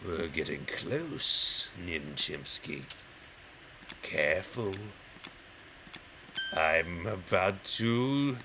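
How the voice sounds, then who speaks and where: A man chatting his way through a brain-training game in a bright, sharp voice. He rambles, mocks himself and counts numbers aloud as he goes, with a faint hiss under the recording. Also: deep voice, expressive, extremely slow, pauses often. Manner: rambling, self-mocking and playful, counting aloud while playing. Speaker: gaming channel host. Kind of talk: casual gameplay commentary.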